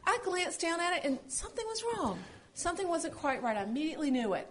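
A woman co-hosting a casual chat about parenting, telling stories in an earnest, expressive way. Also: extremely high pitch, fast talker, slight background noise. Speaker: podcast co-host.

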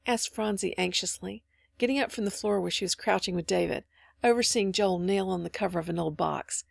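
A woman reading a children's storybook aloud in an expressive, measured narration. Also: mid-range voice, vocal fry, no room sound, clean studio sound. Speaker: audiobook reader.

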